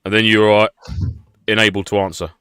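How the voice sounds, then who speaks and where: A man's voice: fairly low pitch, flat delivery, a little fast, fairly bright tone, clean tone, no room sound, clean studio sound. A man hosting a podcast quiz, rambling through the rules with laughs in casual banter. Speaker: podcast host running a quiz.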